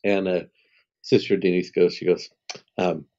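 A man in his fifties, a spiritual healer and podcast guest, telling a personal story in a lively, conversational way and acting out what people said. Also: low voice, measured pace, muffled recording. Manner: animated storyteller who acts out dialogue and laughs often.

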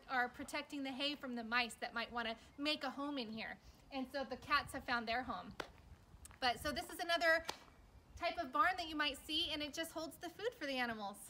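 A woman's voice: high voice, bright, forceful tone, a little hiss or hum. A woman preschool teacher giving a children's lesson outdoors at a farm barn, explaining things cheerfully and simply for kids.

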